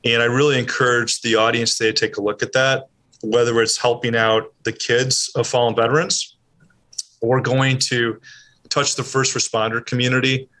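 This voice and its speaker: A man who leads a charity, answering interview questions in an earnest, measured way. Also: mid-range voice, level tone, pushed and bright. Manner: earnest, measured, uses ums. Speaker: charity CEO guest.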